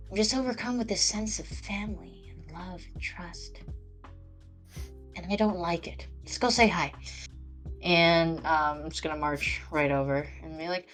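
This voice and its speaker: A woman's voice: lowish voice, steady tone, measured pace, fairly bright tone, faint music behind, poor audio. A woman playing a tabletop game, talking in a wry, casual way. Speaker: player.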